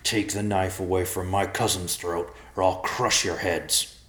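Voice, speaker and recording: Slow threatening young bear guy, a man doing it, low voice, echoey. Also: little pitch movement, fairly bright tone. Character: young male bear, fierce and protective. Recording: roomy echo.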